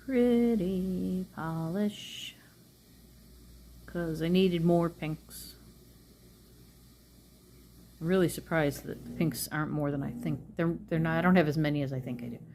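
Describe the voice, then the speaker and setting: Casting note: low-pitched woman, relaxed rambling nail-polish review, soft hiss behind her. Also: a little slow, pauses often. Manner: chatty, rambling, frequent ums. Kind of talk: casual product review.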